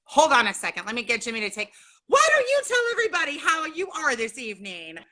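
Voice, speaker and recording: A woman's voice: sits high, big pitch swings, fast, sharp tone. A chatty, bubbly middle-aged woman from Southern California, hosting a casual livestream from home and greeting viewers by name. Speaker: livestream host.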